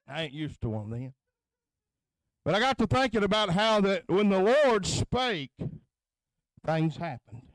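A man with a high, fairly bright voice preaches a revival sermon at a tent revival, speaking into a handheld microphone. He punctuates phrases with a chanted "huh?" as his intensity builds. The audio is poor, with no room sound.

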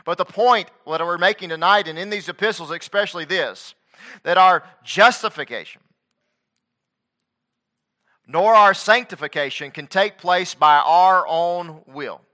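Reading scripture in King James language at a measured pace, a preacher delivers his sermon in a high, ringing voice. Loud emphatic stresses alternate with hushed asides, while his tone never loses its bright, forward quality.

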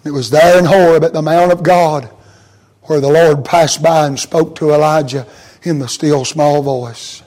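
A man preaching a sermon in a folksy, plain-spoken way, swinging from hushed storytelling to shouted emphasis. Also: a little high, steady tone, unhurried.

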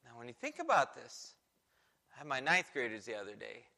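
A man's voice: medium pitch, huge pitch swings, brisk, gravelly, sharp tone. A man preaching a sermon as a pastor, in a conversational way that acts out quoted voices.

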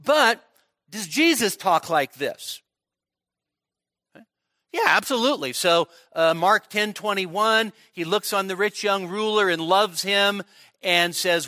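Slow, bright-voiced male pastor preaching. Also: high voice, no echo, clean studio sound. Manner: conversational, checks in with the congregation. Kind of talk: expository sermon. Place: church midweek service.

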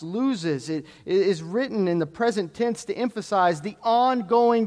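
Male preacher, sermon, deliberate earnest delivery, slightly high voice, long echo of a large hall. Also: expressive.

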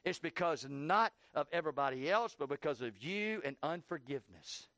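A man pastor preaching a sermon in a church, building to heated rapid questioning and then easing down. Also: a little high, animated, pushed and bright, no echo.

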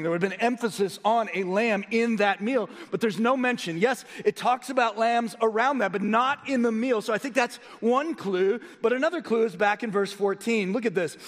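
High-voiced male preacher in a reverberant hall. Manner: preaching with rhetorical questions, swinging from loud emphasis to low quiet delivery. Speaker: pastor. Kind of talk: sermon.

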